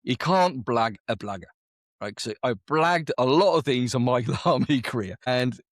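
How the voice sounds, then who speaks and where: A man's voice: medium pitch, expressive, moderate pace, no room sound. A man on close mic, a guest telling a story in a casual interview, chatty and repeating words as he goes. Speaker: guest, veteran business owner.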